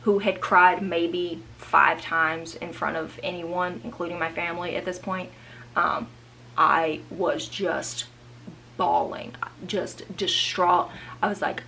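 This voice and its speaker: A woman of about thirty telling a personal story in a chatty, animated vlog monologue with frequent asides. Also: on the low side, moderate pace, slight background noise, poor audio. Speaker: vlogger. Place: indoors at home.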